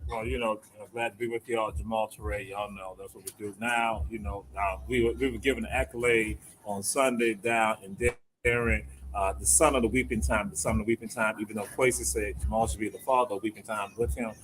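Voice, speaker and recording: A man's voice: fairly low pitch, fairly even intonation, fairly quick, fairly bright tone, slight background noise, poor audio. A man guesting on a talk show, introducing himself with playful, hearty teasing. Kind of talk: casual chat.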